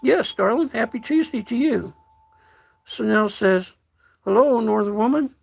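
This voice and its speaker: An older American man hosting a casual livestream, reading out chat messages in a slow, folksy way and calling viewers darling. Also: very high voice, expressive, vocal fry, husky. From United States.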